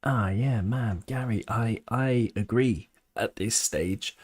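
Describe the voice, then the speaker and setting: Slow and husky, with a lowish voice, a man hosts a relaxed live fan stream. He muses loosely over viewer comments, restarting often and chuckling along the way.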